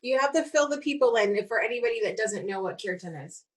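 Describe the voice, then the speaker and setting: A woman's voice: fairly high pitch, expressive, fast talker. A woman hosting a talk show, chatting casually with her guest, laughing often and saying "like" a lot. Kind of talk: casual interview chat.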